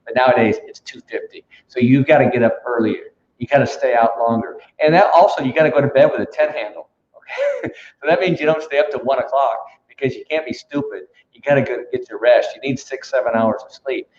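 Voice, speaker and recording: A man's voice: medium pitch, sing-song, brisk, a little mellow, roomy sound, lo-fi sound, a little hiss or hum. A man, a sales coach, talking as a guest in a punchy, preachy motivational way, with lots of "come on" asides. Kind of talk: energetic motivational talk.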